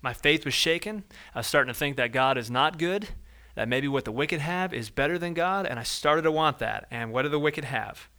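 A man preaching a sermon in a conversational way, walking through verses and acting out everyday scenes in lively voices. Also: on the high side, normal speed, smooth. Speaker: pastor.

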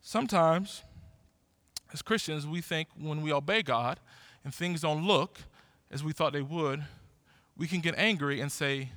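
A man in his forties preaching a sermon in a lively, conversational way, often restarting his words. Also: on the high side, measured pace, pauses often, dry recording. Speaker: pastor.

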